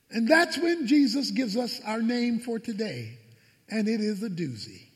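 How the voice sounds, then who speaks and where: A man's voice: high-pitched, sing-song, unhurried, long reverb tail. A pastor preaching a sermon with emphatic delivery, acting out scripture scenes as he goes. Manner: emphatic preaching with dramatic retellings.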